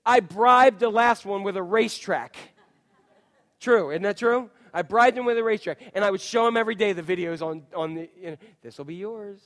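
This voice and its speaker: A male pastor preaches in a reverberant church, and his fairly high voice rings through the long hall echo. He tells stories with energy and slips into little acted voices. He talks straight to the congregation. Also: brisk. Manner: animated storytelling, acts out voices and shouts. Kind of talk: sermon. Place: church sanctuary.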